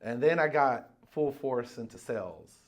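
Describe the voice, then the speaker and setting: A man's voice: mid-range voice, lively intonation, a little slow, faint music behind. A man guest casually telling a story on a podcast, acting out quotes and swearing freely.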